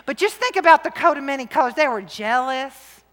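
High, bright middle-aged woman preaching. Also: brisk. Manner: lively, jokey and emphatic, swinging from loud to hushed. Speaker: women's conference speaker. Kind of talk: sermon. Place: large church hall. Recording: long hall reverb.

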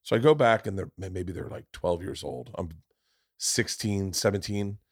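Profane storytelling podcast host, dry sound. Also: male voice, low-pitched, moderate pace, dry recording. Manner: profane, animated storyteller who acts out voices. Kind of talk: casual storytelling chat.

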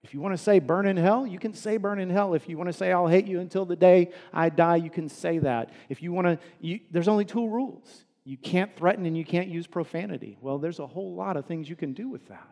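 A man's voice: high-pitched, a little fast, gravelly, few pauses. Earnest male pastor preaching in a hall. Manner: earnest, rising to emphatic peaks then dropping soft. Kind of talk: sermon.

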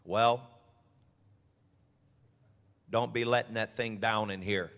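A man voicing a blunt, deadpan older male pastor with a deep voice, in an echoey hall. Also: slow pace.

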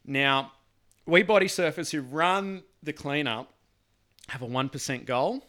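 A man's voice: on the high side, unhurried, fairly bright tone. A man co-hosting a podcast, chatting casually with jokey, rambling banter. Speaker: podcast co-host. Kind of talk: casual chat.

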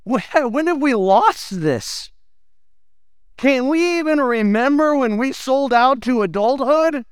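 High-voiced, playful pastor preaching. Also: male voice, slow, clear, resonant tone, no echo, clean studio sound. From United States. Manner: animated, playful storytelling. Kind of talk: sermon.

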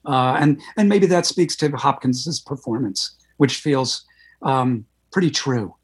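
A man's voice: mid-range voice, animated, measured pace, breathy edge. A man on a film podcast discussing a performance thoughtfully, stacking up restarts as he thinks.

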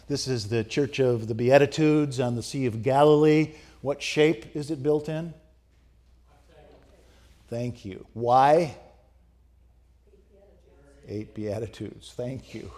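A man's voice: mid-range voice, takes it slowly, long pauses, darkish tone. A man preaching a sermon, emphatic and rhetorical, asking the congregation questions. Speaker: pastor.

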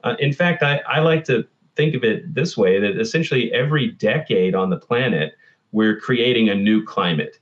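A man's voice: mid-range voice, normal speed, highs cut off. A man from Texas, a climate scientist guest, explaining with many fillers and restarts. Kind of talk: interview answers.

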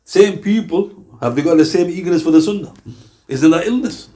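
Fairly high and mellow, with lively intonation, the voice belongs to an Islamic teacher giving a religious talk. He presses his points with rhetorical questions and fast-paced lists of sources.

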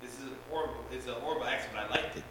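A man from Nigeria, a guest trading loud, laughing banter in casual chat at a house. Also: mid-range voice, rapid-fire, a little hiss or hum, low-quality recording.

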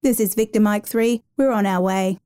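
A spent water police sergeant gasps out his words, read by a woman narrator. The voice stays plain, mellow and warm. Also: mid-range voice, steady tone, normal speed, no room sound, close to an everyday voice. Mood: strained. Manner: breathless, gasped.

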